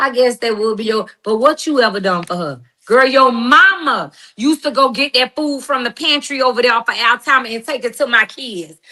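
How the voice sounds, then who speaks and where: A woman's voice: fairly high pitch, sharp tone. A middle-aged woman in a heated, emphatic monologue, confronting someone with slang and preachy turns. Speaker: guest responding to critics.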